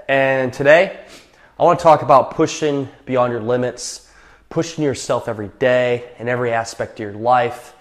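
A man hosts his own motivational podcast, talking off the cuff at a medium pitch. He is a little out of breath, and he rambles in a self-assured way. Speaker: podcast host. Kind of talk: casual solo podcast talk.

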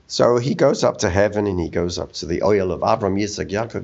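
A man teaching a Torah text in a study discussion, telling stories with animated acted-out voices. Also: lowish voice, moderate pace, gravelly, a little hiss or hum. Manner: animated storytelling, acts out quoted voices. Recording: dull lo-fi recording.

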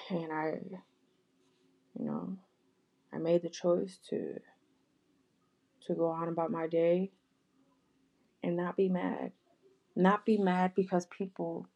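Gravelly, dark-voiced woman offering heartfelt apologies. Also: fairly low pitch. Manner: gentle, soft-spoken, repetitive, with frequent restarts. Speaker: vlogger. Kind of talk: heartfelt spoken apology to viewers.

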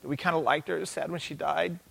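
Lively preacher in a reverberant hall. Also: male voice, a little high, fast, vocal fry, husky. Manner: animated, calls out to the congregation for answers. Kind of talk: interactive sermon.

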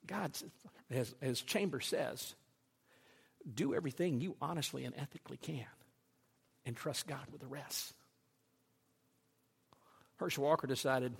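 A man preaching a sermon, telling stories that build to loud, intense peaks. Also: medium pitch, measured pace, creaky, pauses often, breathy edge, in a large hall. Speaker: pastor.

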